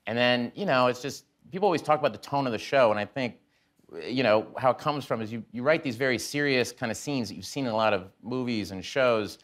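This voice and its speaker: A man in his forties, a talk show guest, telling animated stories and doing quick impressions of friends. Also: mid-range voice. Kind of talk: casual chat.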